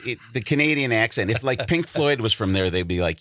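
A middle-aged man with a Wisconsin accent chats in an interview, animated and quick to drop into accent impressions. His voice is bright and lively, with wide swings in pitch. The sound is dry and close. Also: no room sound. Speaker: comedian guest. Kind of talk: casual interview chat.

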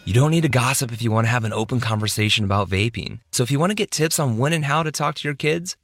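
Male PSA voice-over, friendly and earnest, expressive pitch. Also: fast talker, a little hiss or hum. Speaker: public service announcer. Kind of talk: scripted public service ad.

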